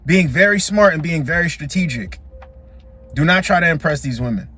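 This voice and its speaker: A man's voice: on the high side, expressive, moderate pace, sharp tone, husky. A young man hosting a dating commentary vlog, talking bluntly and preaching straight to the guys.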